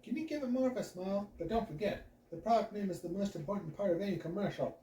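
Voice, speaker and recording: A man's voice: high-pitched, dark tone, a little hiss or hum, voice pushed up, lightly acted. A man voicing a demanding adult acting teacher who coaches a class, in a roomy room with the mic set back. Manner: upbeat coaching, quick to judge. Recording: roomy echo, mic at a distance.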